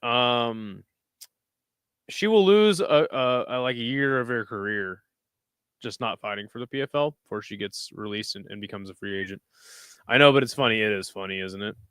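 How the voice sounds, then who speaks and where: A man's voice: medium pitch, clean tone, no room sound. A young man streaming live fight commentary, chatting casually with his viewers and whooping at big moments. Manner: excitable, shouts and whoops at big moments, chatty asides to chat.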